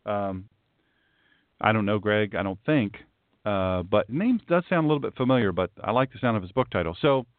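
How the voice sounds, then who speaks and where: A man with a slightly high voice hosts a livestream Bible teaching show as a pastor, explaining scripture in a folksy, emphatic way and speaking directly to viewers. The sound is dry and tinny, like a phone, with no echo.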